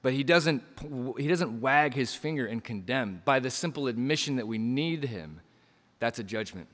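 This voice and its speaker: A man's voice: medium pitch, lively intonation, normal speed. Impassioned male preacher in echoing hall. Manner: impassioned, swings between loud emphasis and quiet drops; acts out quoted lines in storytelling asides. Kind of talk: sermon.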